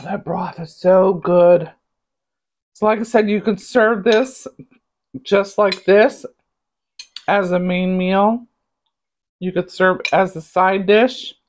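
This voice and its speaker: A woman's voice: medium pitch, a little mellow, highs cut off, a little hiss or hum. A woman with a light Southern US accent, chatting casually as a cooking vlogger, rambling and savoring food aloud.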